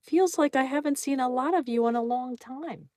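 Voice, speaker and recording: A woman's voice: high voice, normal speed, dark tone, dry recording, clean studio sound. Bubbly woman chatting on a livestream. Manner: bubbly, laughing often, exclaiming thanks to viewers. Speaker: livestream host. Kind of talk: casual live-stream chat reading comments.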